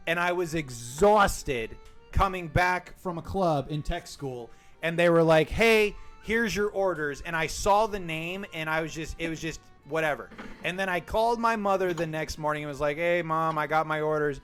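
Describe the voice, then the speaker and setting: A man in his forties streaming a game, chatting casually and telling jokey, animated stories. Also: a little high, a little slow, soft background music. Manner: joking, animated storytelling. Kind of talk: casual chat while gaming.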